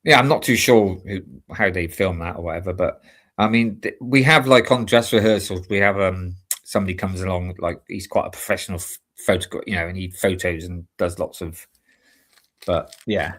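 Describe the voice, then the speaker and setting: A low-pitched man from the UK talking casually on a live stream. He rambles in a chummy way, restarting sentences and filling gaps with "um" and "like". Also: normal speed, a bit bright. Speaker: show host and amateur stage actor. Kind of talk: casual chat.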